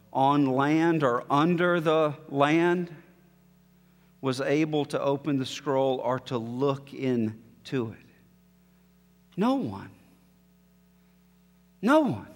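A man preaching an expository sermon, stressing his points by repetition and then dropping to a hushed, low delivery. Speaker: pastor. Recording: long reverb of a large hall.

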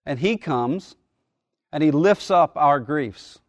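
A middle-aged male pastor preaching a sermon in an earnest way, slowing down and building up on key phrases. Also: fairly high pitch, lively intonation, no echo.

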